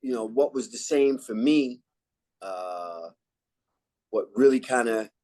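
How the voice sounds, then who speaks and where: An older man from New York, an actor, telling stories in a relaxed interview and acting out old lines and catchphrases. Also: mid-range voice, slow pace, a crowd in the background. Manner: animated, acts out quotes and catchphrases. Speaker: actor guest.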